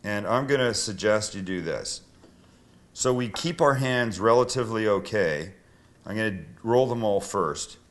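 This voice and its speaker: A man's voice: lowish voice, expressive, measured pace. Middle-aged man, cooking show host, casual banter, self-deprecating jokes. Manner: chatty, self-deprecating, joking.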